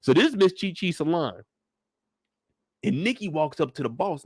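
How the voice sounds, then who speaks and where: A man's voice: on the high side, normal speed, breathy edge, no echo. A young man, joking his way through a show recap and acting out the characters, with a lot of profanity. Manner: animated, acts out characters, profane. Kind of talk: comedic episode breakdown.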